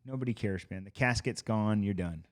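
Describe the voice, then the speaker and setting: A man who is a guest on a podcast, chatting casually in a studio, an animated storyteller who swears freely. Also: lowish voice, brisk.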